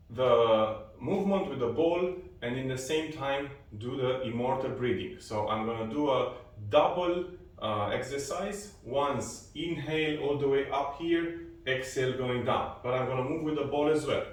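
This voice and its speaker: A man teaches a qi exercise class at a slow, unhurried pace, talking the listener through inhales, exhales and each movement. He sits back from the microphone in a strongly echoing room at home, so his voice arrives distant and washed in reverb. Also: medium pitch. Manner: slow, calm cueing of breaths and movements. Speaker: qi exercise instructor. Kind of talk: guided online exercise class. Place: room at home with a balcony door. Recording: very echoey room, voice from far off.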